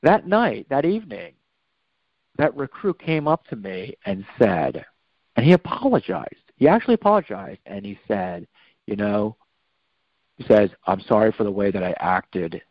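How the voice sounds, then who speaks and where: A man's voice: fairly low pitch, very animated, moderate pace, no echo. A man as a podcast guest, telling a personal story in a rambling way and often correcting himself. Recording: slightly dull, dry recording.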